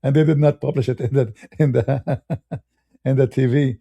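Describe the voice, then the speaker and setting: Gravelly dark-voiced Middle Eastern man. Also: medium pitch, fairly even intonation, moderate pace, lo-fi sound. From Middle East. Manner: blunt, combative, laughs through his anecdotes. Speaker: Christian apologist streamer. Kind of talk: unscripted livestream rant.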